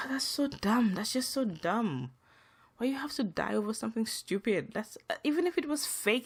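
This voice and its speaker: A woman hosting a solo podcast, venting emphatically and repeating herself, her pitch rising when upset. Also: big pitch swings, moderate pace, vocal fry, husky. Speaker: podcast host.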